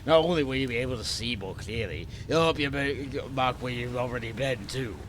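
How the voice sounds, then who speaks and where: A man's voice: mid-range voice, fairly quick, noisy background, voice pushed down, close to an everyday voice. A man voicing a smoky-voiced underground creature who coaxes and pleads for help with a put-on, vaguely French accent. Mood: pleading. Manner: coaxing, wheedling, calls the listener pet names.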